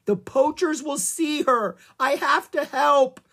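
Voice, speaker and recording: A reader voicing a brave, excitable young girl in a children's audiobook, with urgent, high-pitched cries. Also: a little slow, husky. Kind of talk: audiobook character voice.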